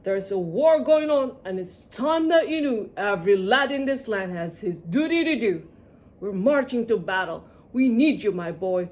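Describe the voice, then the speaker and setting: A woman's voice: medium pitch, animated, moderate pace, a little mellow, natural voice. A woman voicing a blustering storybook army general who bellows his orders. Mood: commanding. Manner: bellowing, commanding.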